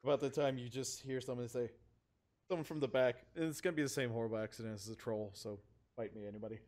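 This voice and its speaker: Man game master narrating tabletop game, relaxed, chatty, fillers, mid-pitched voice. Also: fast talker.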